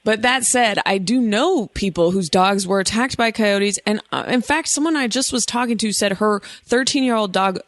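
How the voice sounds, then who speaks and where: A playful woman in her thirties hosts a comedy podcast, spinning stories with loose, joking asides. Her voice sits at a middling pitch and sounds close and dry on the studio mic. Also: moderate pace, few pauses, no room sound. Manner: playful, swears, mock campfire-story whispers. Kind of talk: casual comedic storytelling.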